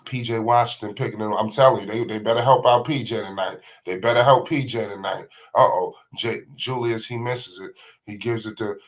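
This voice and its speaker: A man calling basketball play by play on a livestream, excitable and slangy, naming every pass. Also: lowish voice, brisk. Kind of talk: live play-by-play commentary.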